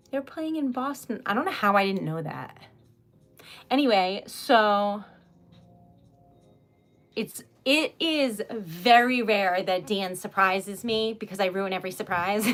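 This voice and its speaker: A woman's voice: fairly high pitch, fairly bright tone. A young adult woman chatting casually on a craft livestream, giggly and talkative, often saying "y'all".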